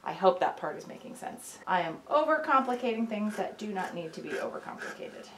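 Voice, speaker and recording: A woman's voice: mid-range voice, animated, brisk, noisy background. A young woman talks through a sewing project in a casual, rambling way. She keeps cracking jokes at her own expense. She is recording on a camera mic in a costume workshop. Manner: chatty, self-mocking, rambling asides. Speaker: sewing vlogger. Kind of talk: casual tutorial chat.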